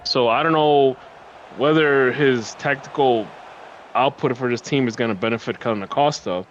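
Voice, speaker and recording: A man's voice: medium pitch, moderate pace, highs cut off, a little hiss or hum. A man co-hosting a soccer podcast, chatting casually and emphatically, repeating himself. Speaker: podcast co-host.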